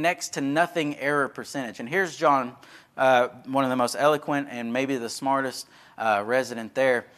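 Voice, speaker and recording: A man's voice: on the high side, fairly bright tone. A man, a preacher telling stories in a folksy, conversational sermon. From Texas. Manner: folksy, conversational, acts out quoted voices. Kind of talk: sermon with storytelling.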